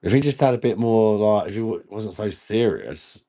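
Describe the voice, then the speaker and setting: A man's voice: fairly low pitch, animated, normal speed, mellow. A man hosting a casual live stream, laughing often and bantering with viewers in the chat while he drinks.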